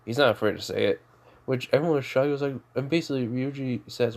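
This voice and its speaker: A man's voice: mid-range voice, fast talker. A man casually making up and retelling a fan story, rambling with lots of fillers and restarts.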